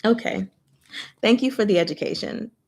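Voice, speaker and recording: A woman talks casually through a book discussion at an ordinary pitch. Her delivery is animated, with frequent exclamations and quick laughs. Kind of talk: casual chat.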